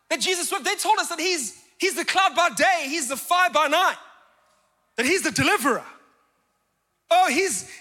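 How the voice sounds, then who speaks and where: A male preacher with a strikingly high, sharp, bright voice delivers an impassioned sermon. His delivery jumps from fervent outbursts to quiet, intimate confession. A long church-hall reverb trails every phrase. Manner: impassioned preaching with sudden swings from shouts to hushed confession. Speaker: pastor.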